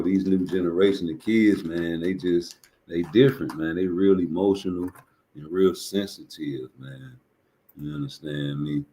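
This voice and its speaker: A man with a very deep, low voice holds forth on a live stream. His talk is casual, profane and rambling. He restarts and repeats words as he goes. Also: dark tone, slight background noise.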